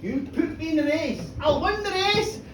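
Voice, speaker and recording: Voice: very high-pitched, very animated, moderate pace, background noise. A storyteller voicing a cheeky shapeshifting peasant boy, coaxing and scheming, told live in a bar. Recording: roomy, distant live bar recording.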